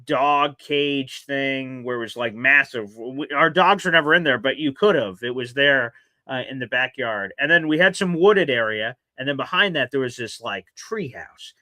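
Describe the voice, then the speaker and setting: Radio host, male, bright forceful voice, dry close mic, lively storyteller. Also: medium pitch, moderate pace, no room sound. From South Carolina. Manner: animated, acts out voices in his stories. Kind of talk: casual call-in storytelling.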